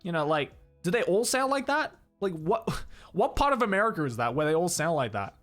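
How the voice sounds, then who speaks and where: A man's voice: a little high, sing-song, fairly quick, fairly bright tone, soft background music. A young Australian man streaming in a studio, chatting casually and animatedly. He swears often and laughs a lot. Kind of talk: casual chat. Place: studio, indoors.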